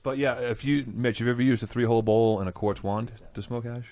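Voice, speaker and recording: A man in casual podcast chat, relaxed but ready to argue his point. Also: medium pitch, fast talker, no echo. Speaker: podcast co-host.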